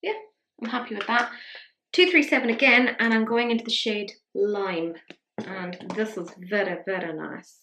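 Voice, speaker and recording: A woman's voice: mid-range voice, moderate pace, bright, forceful tone, slight background noise. A young Irish woman chatting casually through a makeup tutorial, with a self-mocking, rambling manner. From Ireland. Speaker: beauty vlogger. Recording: echoey room.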